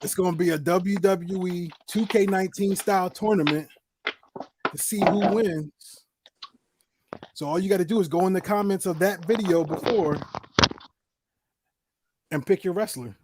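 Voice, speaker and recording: A man's voice: high voice, normal speed, long pauses, very noisy. A man hosting a casual wrestling chat show, joking and laughing between announcements. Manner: joking, laughs often, runs giveaway announcements. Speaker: podcast host.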